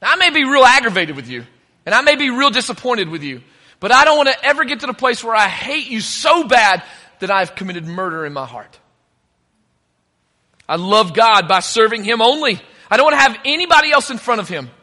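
A man's voice: very high voice, big pitch swings, brisk, sharp tone, long reverb tail. A man preaching a sermon as pastor, conversational and joking between points.

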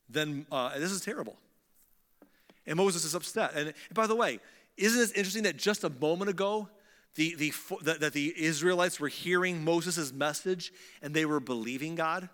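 A man preaching a sermon, retelling scripture in a lively, conversational storytelling way. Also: a little high, normal speed, big-room sound.

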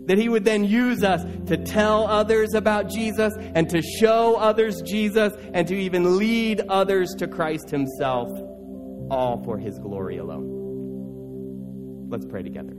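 A pastor preaching a sermon in an earnest, urging way, building through repeated phrases. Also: male voice, sits high, unhurried, music in the background.

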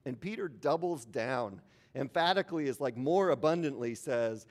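A man's voice: medium pitch, lively intonation, normal speed, darkish tone. A man preaching a sermon as a pastor, in an informal, conversational way with asides to the congregation.

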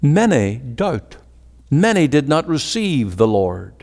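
A man's voice: medium pitch, very animated, slow pace, creaky, a little mellow. A man preaching a sermon with an emphatic, rising and falling cadence. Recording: long hall reverb.

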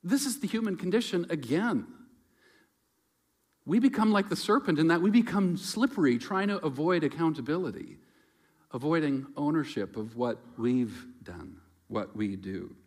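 A man preaching a sermon in a reflective, conversational way, moving between loud emphasis and quiet asides. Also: a little high, expressive, normal speed.

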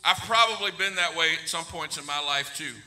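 A middle-aged man preaches in a large church sanctuary, his voice high and piercingly bright. He drives each point home with emphasis and drops in humor to get the congregation laughing. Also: brisk. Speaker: pastor. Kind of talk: sermon.

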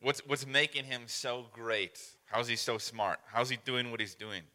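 A man preaching a sermon, telling stories in a relaxed, self-deprecating way with many fillers. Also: mid-range voice, measured pace, big-room sound. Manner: casual storytelling with fillers and self-deprecating humor. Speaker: pastor.

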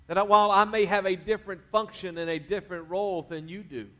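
A pastor with a drawl preaches from the pulpit in an easygoing, conversational way. His voice sits a little high for a man. He lets phrases trail off softly, then lifts to push the room into responding. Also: steady tone, fast talker. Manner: conversational preaching, drops to quiet endings, rises to urge the crowd. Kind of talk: sermon. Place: church sanctuary.

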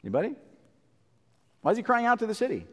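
A man's voice: high-pitched, huge pitch swings, quick pace, in a large hall. A man preaching a Bible sermon in an earnest, repetitive way, with many fillers and restarts.

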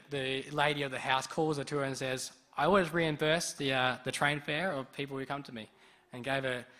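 Bright-voiced male preacher telling a story. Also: medium pitch. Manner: lively storyteller who acts out quoted speech. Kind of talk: sermon storytelling.

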